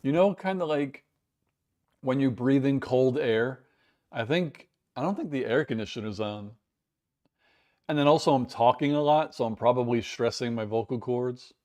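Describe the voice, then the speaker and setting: A man's voice: mid-range voice, normal speed, darkish tone. An American man hosting a casual live stream, chatting and rambling in a self-deprecating way while reading viewer comments, recorded indoors at home. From United States.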